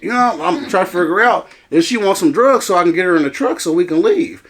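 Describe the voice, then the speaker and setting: A man's voice: high-pitched, very animated, a little fast, few pauses, fairly bright tone. A man animatedly telling a story in casual chat, acting out quotes and laughing often. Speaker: cast member telling a story.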